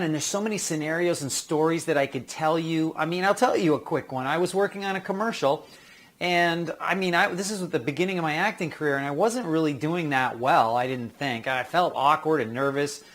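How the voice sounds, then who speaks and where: A man talks through acting career advice in a loose, chatty way. His voice sits a little higher than most men's, and he slips into quick quoted lines as he goes. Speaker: acting coach. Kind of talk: casual advice talk.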